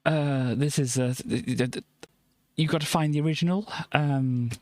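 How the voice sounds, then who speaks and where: A woman's voice: very deep voice, normal speed, dark tone, no room sound. A woman streamer chatting casually about her old comics, rambling and stammering with frequent laughs. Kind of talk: casual live-stream chat.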